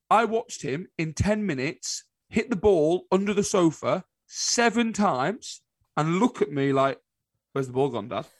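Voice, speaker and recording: A man chatting casually as a co-host, his voice sitting a little high. He tells stories with animated, exasperated asides, recorded close and dry with no room echo. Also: breathy edge. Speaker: podcast co-host. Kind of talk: casual chat.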